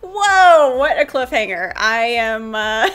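A woman hosting a drama reaction video, excitable and emotional, laughing and gasping often. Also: high voice, unhurried, faint music behind. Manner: emotional, near tears. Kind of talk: casual drama reaction commentary.

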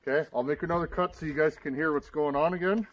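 A man's voice: a little high, steady tone, quick pace, very noisy. A man giving a hands-on workshop demonstration, talking plainly and directly to viewers as "guys," raising his voice at times. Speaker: chainsaw repair demonstrator.

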